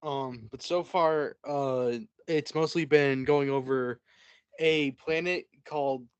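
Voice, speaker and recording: A man's voice: mid-range voice, fairly even intonation, slow pace, clean tone, no echo, dull audio. A young man co-hosting a casual reaction video, laid-back and hesitant, often giggling. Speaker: reaction channel co-host.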